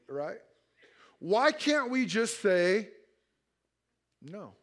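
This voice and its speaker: High-voiced joking pastor. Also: male voice, animated, unhurried, fairly bright tone. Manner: joking and playful, often laughing; acts out quoted speech in changed voices. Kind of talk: sermon. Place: church before a congregation.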